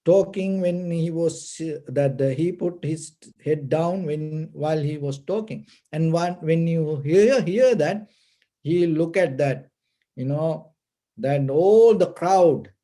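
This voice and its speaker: A man giving a dharma talk, telling a story slowly and patiently in simple, plainly phrased English. His voice sits high for a man, with a mellow, dark tone, and his delivery is very unhurried. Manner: slow, patient, simple non-native phrasing. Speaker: meditation teacher.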